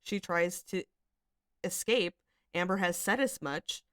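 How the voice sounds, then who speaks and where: A woman's voice: lowish voice, takes it slowly, fairly bright tone, clear, resonant tone, no room sound, clean studio sound. A woman giving casual, rambling commentary as she reads screenshots, hedging a lot and sounding exasperated and critical. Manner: rambling, hedging with frequent fillers. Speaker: commentary channel host.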